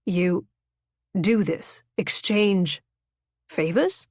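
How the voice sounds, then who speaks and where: A woman voicing a troubled young clergyman with a rough, croaking voice, torn by guilt. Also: lowish voice, very slow, darkish tone, no room sound, studio quality, exaggerated voice. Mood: strained.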